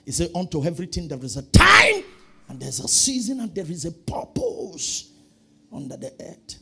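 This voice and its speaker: Pastor preaching, high voice, husky, goes from soft to yelling. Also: male voice, sing-song, a little fast. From Nigeria. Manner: preaching with call-and-response, swinging from soft to shouting. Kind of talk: sermon.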